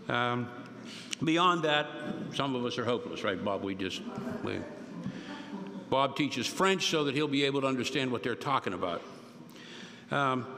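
An older man preaching a folksy, joking sermon with slow, emphatic stresses. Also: fairly high pitch, fairly bright tone. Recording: long hall reverb.

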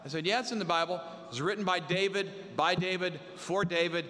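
A man's voice: high-pitched, fairly quick, bright, forceful tone, long reverb tail. A man preaching a conversational sermon, telling stories and mimicking other people's voices for humor. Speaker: pastor.

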